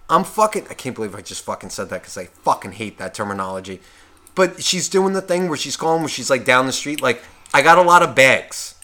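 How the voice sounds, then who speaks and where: A man's voice: on the high side, sharp tone. A man co-hosting a podcast, telling a story in a heated, profane rant. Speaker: podcast co-host. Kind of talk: casual comedic storytelling.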